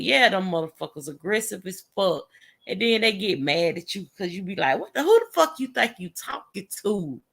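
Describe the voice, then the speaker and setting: A woman's voice: fairly low pitch, gravelly. A woman hosting a casual live stream, talking bluntly with plenty of cursing and laughter. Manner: blunt, profane and animated, with laughter and drawn-out asides.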